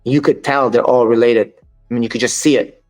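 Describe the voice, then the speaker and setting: A man's voice: mid-range voice, fairly even intonation, fairly quick, a little mellow, soft background music. Blunt man telling stories. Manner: blunt, dismissive of critics, quotes others in dialogue. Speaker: dog breeder guest. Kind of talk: storytelling interview.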